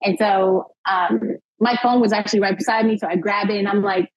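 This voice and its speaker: A young woman tells a personal story as an interview guest, with a husky, slightly breathy voice. She talks in an animated way and acts out what people said. The sound is dull and lo-fi, like a modest podcast recording. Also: mid-range voice, a little fast. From United States. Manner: animated retelling, acting out quotes, frequent laughs and "like".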